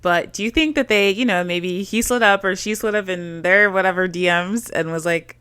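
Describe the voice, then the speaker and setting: A young woman talks through her solo podcast in a loose, rambling way, giggling often. Her voice is bright and forceful, sitting a little low. The sound is dry and close, with almost no room around it. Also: quick pace, dry recording. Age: young adult. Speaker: podcast host. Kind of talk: solo casual chat.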